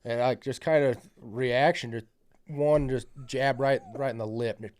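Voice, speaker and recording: Man, from Utah, podcast guest, hunting guide, casual storytelling, middle pitch, rambling, profane, lots of fillers. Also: unhurried, darkish tone. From South Central Utah. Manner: acts out quoted lines.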